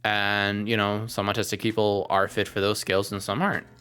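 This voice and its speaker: This host has a lowish voice and a loose, chatty, rambling delivery on a livestream podcast. The talk is full of filler words and casual swearing, with faint music playing underneath. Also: little pitch movement, normal speed, fairly bright tone, clean tone.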